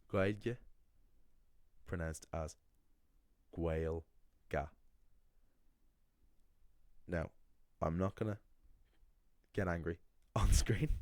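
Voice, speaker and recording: A man's voice: low-pitched, darkish tone, no echo, clean studio sound. A man teaching Irish pronunciation, emphatic and critical as he points out common mistakes. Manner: emphatic, critical, with frequent restarts. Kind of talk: explaining pronunciation to learners.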